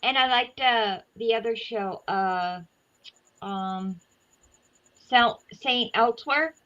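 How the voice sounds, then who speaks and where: A woman's voice: fairly high pitch, slow, pushed and bright. Rambling woman on a dull lo-fi line. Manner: rambling, talkative. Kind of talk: casual chat.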